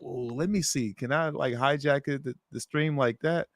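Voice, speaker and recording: A man's voice: mid-range voice, moderate pace, dry recording, studio quality. Chatty man co-hosting a casual stream. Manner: chatty with frequent laughs and fillers. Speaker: stream co-host. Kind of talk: casual livestream chat.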